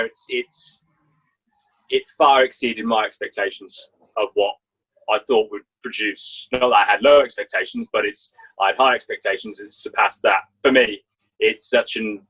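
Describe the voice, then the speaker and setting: A man speaking as a co-author guest in a casual interview, earnest and halting with repeated words. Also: on the low side, fairly bright tone, slightly rough, poor audio.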